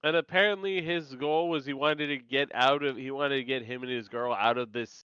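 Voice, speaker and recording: Smooth, bright man with wry recap jokes. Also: mid-range voice, fairly even intonation, normal speed, no room sound, lo-fi sound. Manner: wry, riffs on jokes, laughs along. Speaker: podcast co-host. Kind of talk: casual episode recap chat.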